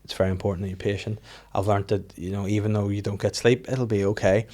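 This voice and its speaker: Male podcast host and comic, slightly low voice, rambling, full of restarts. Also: little pitch movement, quick pace, mellow. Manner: rambling, with many restarts and acted-out quotes. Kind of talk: casual podcast chat.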